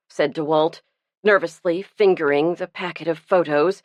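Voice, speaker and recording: A woman narrating a cozy mystery audiobook in a measured, even storytelling manner. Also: low voice, dry recording.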